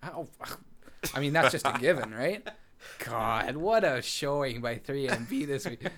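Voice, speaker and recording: A man's voice: medium pitch, animated, a little slow, a bit bright. A man co-hosting a casual wrestling podcast, agreeable and chatty with frequent restarts. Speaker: podcast co-host.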